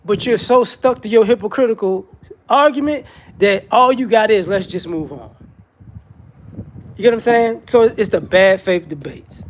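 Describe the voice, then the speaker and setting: A man's voice: sits high, moderate pace, a little hiss or hum. A man giving a casual, rambling commentary monologue with frequent restarts and repetitions.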